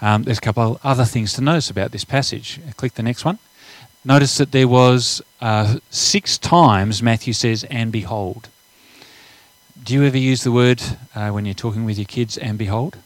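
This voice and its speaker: Middle-aged male pastor, mid pitch, dry close recording, relaxed asides with emphatic scripture reading. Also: moderate pace, no room sound, poor audio. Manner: casual asides, reads scripture with rising emphasis. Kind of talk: sermon with slides and Bible reading.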